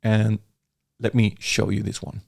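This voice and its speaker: Casual man walking through software. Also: fairly low pitch, a little slow, vocal fry, no room sound, clean studio sound. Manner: relaxed, chatty, restarts words. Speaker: software reviewer. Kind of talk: casual screen-recorded tutorial.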